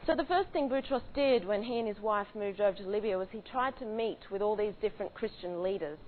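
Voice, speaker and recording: A woman's voice: medium pitch, a little fast. A woman retelling a true story in a conversational way, often restarting her sentences. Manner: conversational with frequent restarts and fillers. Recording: tinny phone-like audio with faint hiss.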